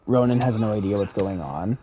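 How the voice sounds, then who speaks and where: A man's voice: fairly low pitch, brisk, dark tone, a little hiss or hum. A man casually retelling a wrestling game storyline, rambling and profane, with chuckles. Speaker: gaming creator.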